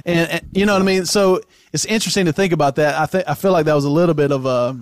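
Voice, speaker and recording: A man in a casual podcast chat, thinking aloud in long rambling sentences and circling back on himself. His voice sits a little high and sounds dry and close to the mic. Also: rapid-fire, dry recording. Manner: reflective, rambling with restarts. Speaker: band member guest.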